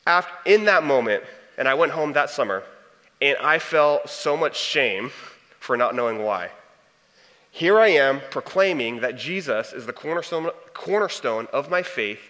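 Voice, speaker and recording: A young man in his twenties telling a personal story to an audience in a lively, conversational way. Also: medium pitch, moderate pace. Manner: animated, conversational storytelling with acted quotes. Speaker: speaker sharing testimony. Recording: long hall reverb.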